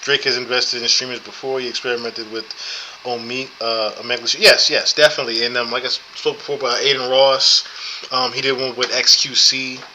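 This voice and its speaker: A man's voice: medium pitch, little pitch movement, a little fast, sharp tone, slight background noise, poor audio. A man hosting a podcast, chatting casually and rambling with many fillers as he thinks aloud. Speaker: podcast host. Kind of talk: casual commentary chat.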